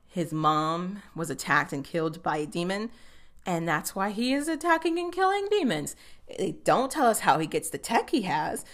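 Animated young woman recapping a show. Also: medium pitch. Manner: animated, swears freely, slips into quick voices for characters. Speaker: TV episode recapper. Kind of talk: casual episode recap.

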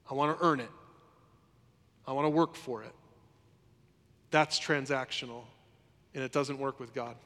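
A pastor delivers a sermon in a fairly high male voice, talking in an easy conversational way and often circling back to repeat his phrases. His voice carries a long reverb from a large hall. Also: fairly bright tone.

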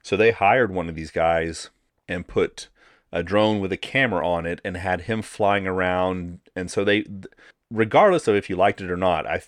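Deep-voiced man reviewing a movie. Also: dry recording. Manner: relaxed, repeats words while thinking. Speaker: podcast co-host. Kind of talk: casual movie review chat.

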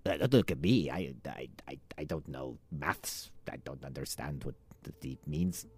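A man's voice: a bass voice, moderate pace, pitched below the performer's own voice. A man voicing a scrawny, panicky kobold crook who stammers and flusters. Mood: flustered.

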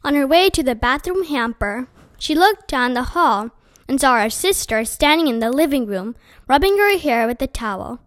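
A high-voiced woman reading a children's book aloud. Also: moderate pace, no room sound. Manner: gentle, expressive narration. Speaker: storyteller.

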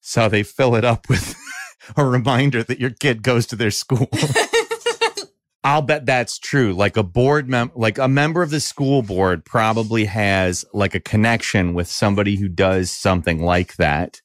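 A man's voice: fairly low pitch, very animated, unhurried, dry recording, studio quality. A man co-hosting a podcast, chatting casually and animatedly, joking and swearing. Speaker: podcast co-host. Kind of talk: casual chat.

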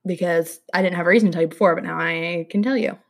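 Young female host, low-ish voice, animated casual storyteller who acts out quotes. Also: fast talker. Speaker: podcast host telling a true crime story.

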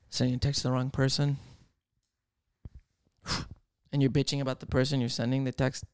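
A man hosting a solo podcast, rambling and thinking out loud in casual chat, swearing freely. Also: mid-range voice, monotone, normal speed, long pauses, clear, resonant tone, no echo, clean studio sound. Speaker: podcast host.

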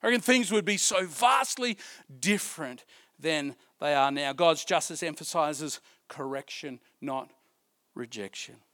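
High-voiced preacher with a slow, emphatic delivery. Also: male voice. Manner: swings from loud emphatic preaching to soft hushed lines; drawn-out stressed words, repeats key phrases. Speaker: pastor. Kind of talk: sermon.

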